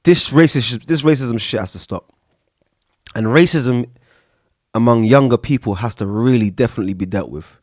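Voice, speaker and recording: A man's voice: medium pitch, normal speed, a little mellow, no echo, studio quality. A man hosting a solo podcast, talking in an impassioned, profane way and jumping between topics. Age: adult with an older son. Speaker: podcast host.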